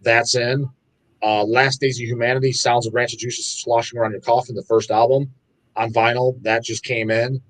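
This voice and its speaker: A man guesting on a podcast from a record label, chatting casually in an animated, profane way and acting out his own reactions. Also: mid-range voice, normal speed. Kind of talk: casual chat.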